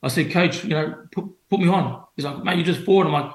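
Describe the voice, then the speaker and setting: Young man, Australian accent, rambling, quick, roomy echo. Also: a little high. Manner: loose, rambling, lots of fillers and restarts. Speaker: professional boxer guest. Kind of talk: casual interview storytelling.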